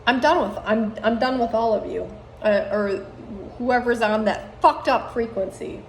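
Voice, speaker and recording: A woman in her thirties delivers an angry, profane monologue to camera, swinging between loud outbursts and low muttering. Her voice is creaky and her pace measured, with slight background noise.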